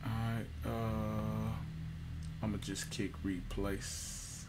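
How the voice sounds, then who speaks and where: A man giving a casual music software tutorial, loose and jokey, with slang and lots of fillers. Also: lowish voice, flat delivery, extremely slow, background noise. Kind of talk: casual screen-recorded tutorial.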